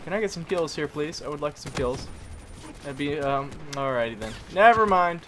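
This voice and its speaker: A man giving live commentary over his own gameplay, jokey and prone to sudden yelps and shouts. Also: on the high side, normal speed, a little hiss or hum. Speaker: gaming commentator.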